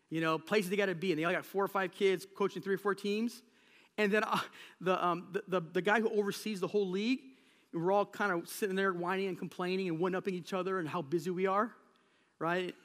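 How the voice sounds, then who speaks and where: A man preaching a sermon as pastor of a church, talking in a relaxed, conversational way and telling stories from everyday life. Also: high-pitched. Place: church sanctuary. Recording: long reverb of a large hall.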